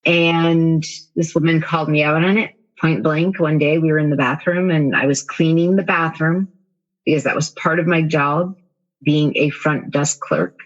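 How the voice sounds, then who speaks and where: A woman's voice: sits low, steady tone, normal speed, muffled recording. A woman coach, a podcast guest, telling a personal story in a candid, self-deprecating way with many fillers. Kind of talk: casual storytelling in an interview.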